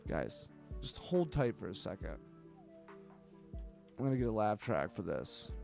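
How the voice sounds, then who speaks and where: Rambling, gravelly-voiced man hosting. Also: on the low side, sing-song, unhurried, darkish tone, faint music behind. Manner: rambling, sardonic, swears, many fillers. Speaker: host. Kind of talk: casual comedic chat.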